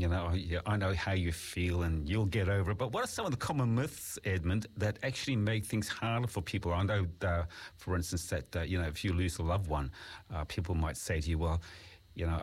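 A man hosting an interview, asking measured leading questions. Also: low-pitched. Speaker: interview host.

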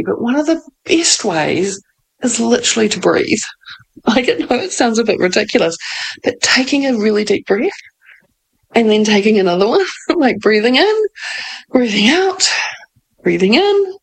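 A woman's voice: a little high, vocal fry, breathy edge, rough recording. A woman giving casual advice in a chatty way, laughing often and peppering her talk with "like".

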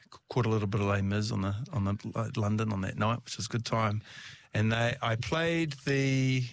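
A man's voice: on the low side, gravelly, no room sound. A middle-aged man, a former rugby player, chatting as an interview guest, telling stories with frequent laughs and restarts. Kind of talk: casual storytelling.

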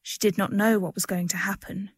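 A woman reading a short story aloud in a gentle, expressive storytelling manner. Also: mid-range voice, a little fast, slightly rough, no echo. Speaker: reader. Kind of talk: audiobook narration.

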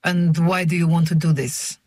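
A woman reads the part of a thin, guarded drifter man who answers in blunt, formal, sing-song English. The voice is husky and breathy, close and dry, as in a storybook recording. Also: lowish voice, fairly even intonation, normal speed, darkish tone, no echo, lightly acted. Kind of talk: audiobook reading.

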